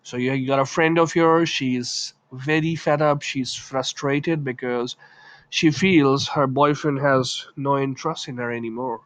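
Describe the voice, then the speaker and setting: A man's voice: medium pitch, steady tone, a little slow, fairly bright tone, no room sound. A man teaching English in a casual video lesson, chatting through examples and acting out short lines.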